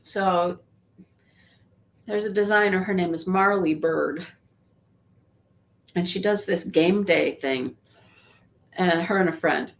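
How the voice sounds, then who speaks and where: Congested from a sinus infection, a woman hosting a YouTube livestream chats casually with viewers, rambling and greeting people by name. Her voice is on the low side, slow, with frequent pauses.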